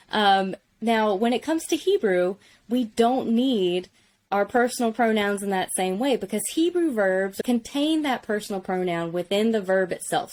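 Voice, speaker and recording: A woman's voice: a little high, darkish tone. Friendly woman teaching Hebrew. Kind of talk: explaining grammar.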